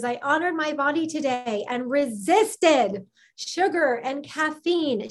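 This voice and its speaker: A middle-aged woman hosting a live health program on a video call, reading participants' comments aloud with effusive praise. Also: sits high. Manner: effusive and gushing, sends kisses.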